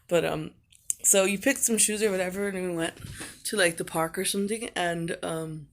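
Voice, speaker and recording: A woman's voice: fairly low pitch, steady tone, moderate pace. A middle-aged woman recording a personal video message to her absent son, talking in a rambling, heartfelt way with lots of fillers.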